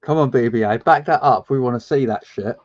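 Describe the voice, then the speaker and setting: A British man chatting on a live voice call, wry and relaxed, often stumbling over his first words. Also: mid-range voice, a little fast, no room sound. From Britain. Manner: wry, relaxed, stammers on starts. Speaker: panel guest. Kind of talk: casual banter. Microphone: online voice chat. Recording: slightly dull lo-fi voice-chat mic.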